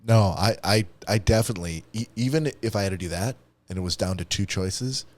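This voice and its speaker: Rambling low-voiced podcast co-host man. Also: fairly quick. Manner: rambling, animated, lots of restarts. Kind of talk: casual comedic chat.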